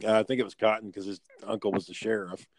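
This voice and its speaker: A man's voice: lowish voice, flat delivery, fast, no room sound. A man telling a story in casual chat, laid-back and rambling, swearing and using lots of fillers.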